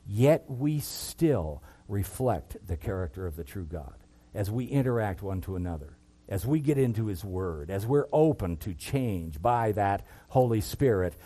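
A man preaching a sermon, reading scripture and building to loud, impassioned peaks before dropping low and quiet. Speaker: pastor.

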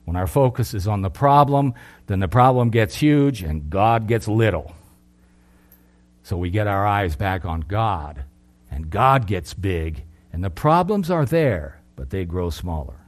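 A middle-aged man preaching a sermon, earnest, lifting his voice for emphasis and then dropping low. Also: big pitch swings, measured pace.

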